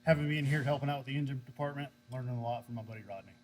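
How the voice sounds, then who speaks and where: A man's voice: mid-range voice, a little hiss or hum. A man who drives trucks and builds engines, casually explaining his work by listing off parts. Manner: plain, quick, listing parts. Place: engine shop.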